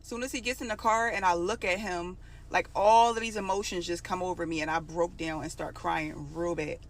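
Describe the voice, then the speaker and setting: A woman's voice: fairly low pitch, steady tone, normal speed. A woman telling her own story in a casual, emotional storytime monologue, repeating phrases for emphasis.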